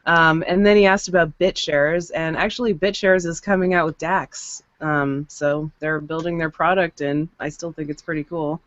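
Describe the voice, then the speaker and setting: A woman guest in casual chat about her voice-acting work, bubbly and quick to laugh, heard over a video call. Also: low voice, fairly even intonation, fairly bright tone, dry recording. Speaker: podcast guest, voice actor. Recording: dull lo-fi video call audio.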